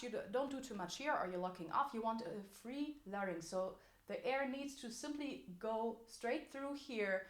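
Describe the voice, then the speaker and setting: A woman teaching a singing lesson as a vocal coach, explaining technique in an encouraging way. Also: medium pitch. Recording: echoey room.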